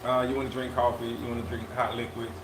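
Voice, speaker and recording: A man co-hosting a casual live-stream chat, talking in a relaxed, drawn-out way and often repeating his phrases. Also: medium pitch, crowd noise. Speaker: podcast co-host. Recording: echoey room with faint ambience.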